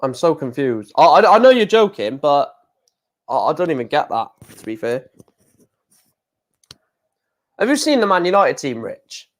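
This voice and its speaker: A man's voice: a little high, very animated, normal speed, pauses often. A man, casually chatting on a live darts stream, reading out viewer comments in a blunt, frequently swearing way.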